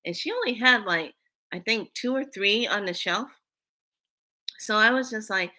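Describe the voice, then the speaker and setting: A woman hosting her own spiritual channel, telling a personal story in a casual, animated way, jumping from loud bursts to hushed asides. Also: medium pitch, measured pace, long pauses.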